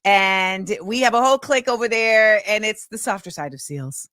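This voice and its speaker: Talk-show host, woman, bright forceful tone, dry close sound, rambling casual chat. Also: mid-range voice, moderate pace, no room sound. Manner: chatty, rambling with many fillers. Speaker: podcast host.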